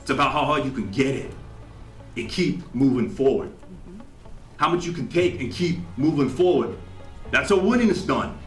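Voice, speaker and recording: A man quoting a tough aging boxer's gruff pep talk in an echoey hall. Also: medium pitch, lively intonation, moderate pace, long pauses, faint music behind, natural voice. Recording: echoey hall, faint ambience.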